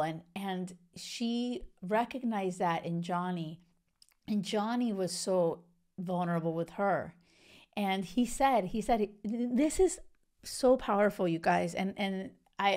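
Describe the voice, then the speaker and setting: With a medium-pitched, slightly mellow voice, a young woman who lives in Spain leads an easygoing talk on a reality show. She's chatty and effusive, stopping and restarting a lot amid many fillers.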